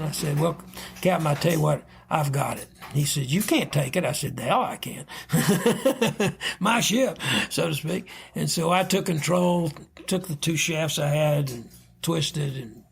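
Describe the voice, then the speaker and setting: A man's voice: on the high side, gravelly, husky. An older American man, a retired naval officer, telling anecdotes in a podcast interview, often chuckling and acting out the dialogue. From United States. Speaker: retired vice admiral, interview guest.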